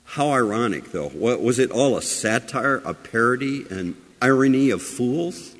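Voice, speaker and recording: A man preaching a sermon with many rhetorical questions, moving between loud emphasis and quiet asides. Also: mid-range voice, expressive, normal speed. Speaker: pastor. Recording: long hall reverb.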